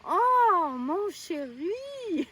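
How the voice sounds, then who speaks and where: Lady doing a high sweet glam lady, gushy, mic kinda far w faint noise. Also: slow pace. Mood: gushing. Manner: sweet, effusive, high-pitched. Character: petite glamorous woman, gushing and gracious.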